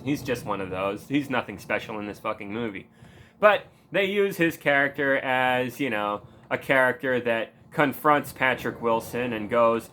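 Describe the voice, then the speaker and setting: Male game streamer, rambling profane chatter, average pitch. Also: lively intonation, normal speed, fairly bright tone, a little hiss or hum. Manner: profane, rambling, laughs at his own jokes. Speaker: gameplay streamer. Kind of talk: casual commentary over gameplay.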